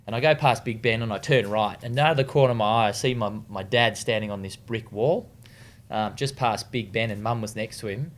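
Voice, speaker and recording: His pitch is fairly low and his pace fairly quick. As a retired distance runner guesting in a casual interview, this Australian man tells stories in a laid-back way, cursing freely and using many fillers and restarts.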